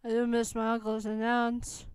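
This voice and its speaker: A woman voicing a gentle, homesick young male wizard who speaks softly and hesitantly. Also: a little high, completely flat delivery, normal speed, smooth, dry recording, lightly acted. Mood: sad.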